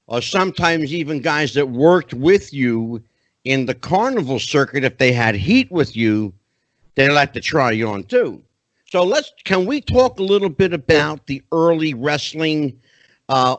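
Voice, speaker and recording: A middle-aged man hosts an interview podcast, talking in a chatty, animated way and building up to his questions at length. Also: fairly high pitch, a little slow, dry recording. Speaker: podcast host. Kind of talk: conversational interview hosting.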